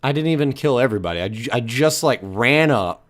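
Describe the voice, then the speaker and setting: A man's voice: mid-range voice, lively intonation, brisk. A man co-hosting a podcast, energetically telling how his character fought through a fight in a video game, often laughing. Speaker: podcast co-host. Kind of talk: casual chat about a video game.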